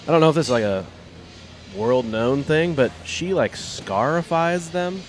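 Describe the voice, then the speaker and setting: A man's voice: fairly high pitch, animated, measured pace. A man co-hosting a podcast, joking and teasing his guests in a busy convention hall. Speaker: podcast co-host. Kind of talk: casual chat.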